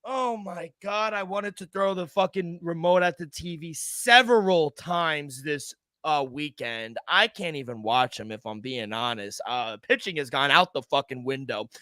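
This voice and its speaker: A man's voice: fairly high pitch, normal speed, few pauses, bright, forceful tone, no room sound. A man co-hosting a sports betting podcast, talking casually with frequent swearing and exasperated rants about his team.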